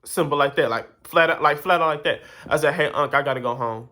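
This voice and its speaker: Talking on the high side, a little fast and with hardly any pauses, a man rambles through a personal story to the camera. He's animated and exasperated, constantly turning aside to address his viewers.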